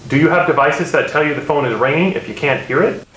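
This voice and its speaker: A man co-hosting a TV show, asking clear questions about the devices. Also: fairly high pitch, quick pace, a bit bright, roomy sound, poor audio. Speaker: co-host.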